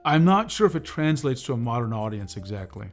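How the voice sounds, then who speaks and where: A man hosts a relaxed livestream, talking straight to his viewers. He rambles, stops himself and restarts, filling the gaps with uhs. Faint music plays behind him. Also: mid-range voice, brisk. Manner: rambling, chatty, with frequent fillers and restarts. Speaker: livestream host reviewing drawing tablets. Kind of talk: casual livestream chat with viewers.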